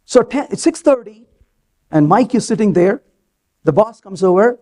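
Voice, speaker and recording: A man's voice: high-pitched, normal speed. A man giving a live conference talk on stage, telling stories animatedly and acting out the dialogue. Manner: animated storytelling, acts out quoted dialogue. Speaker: conference speaker.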